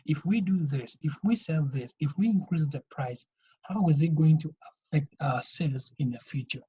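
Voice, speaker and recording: A man's voice: fairly high pitch, normal speed, dark tone, slightly rough. A man teaching an accounting lesson, explaining step by step and often checking in with "okay?". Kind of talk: video lesson lecture. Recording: dull lo-fi recording.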